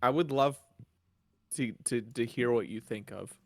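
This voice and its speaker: A man co-hosting a casual podcast chat, talking in halting bursts with frequent restarts and easy laughter. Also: medium pitch, gravelly, no room sound. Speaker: podcast co-host.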